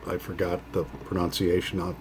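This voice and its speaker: A man hosting a pipe-smoking vlog, chatting casually in a rambling, halting way with many fillers. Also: low-pitched, completely flat delivery, heavy background noise. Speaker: pipe-smoking channel host.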